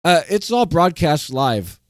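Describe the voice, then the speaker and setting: A man's voice: fairly high pitch, big pitch swings, takes it slowly, no room sound, clean studio sound. A man reading as a woman witness in court. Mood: testifying. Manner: casual, laughing.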